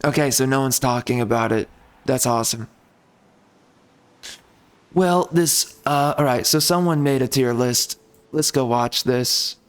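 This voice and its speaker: A man's voice: medium pitch, measured pace, long pauses, smooth. A man giving casual gameplay commentary as a video creator, ranting in frustration with frequent mild cursing.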